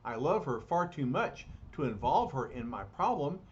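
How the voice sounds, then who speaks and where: A man's voice: medium pitch, sing-song, moderate pace, muffled recording, slight background noise, natural voice. A man voicing a young male scientist who speaks bitterly, brooding over a secret.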